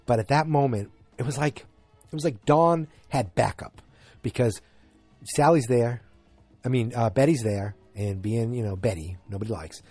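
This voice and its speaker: A man's voice: mid-range voice, normal speed, a little mellow, no echo, faint music behind. A man hosting a podcast, chatting through an episode recap in a rambling way that flares into exasperation. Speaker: podcast host.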